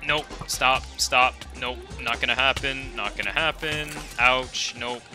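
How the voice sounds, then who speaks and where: Man, gameplay commentary, excitable, loud outbursts, playful beeping, average pitch, clear background music. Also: measured pace. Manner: excitable, bursts into loud shouting and laughter, makes playful beep sounds. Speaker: gaming video creator.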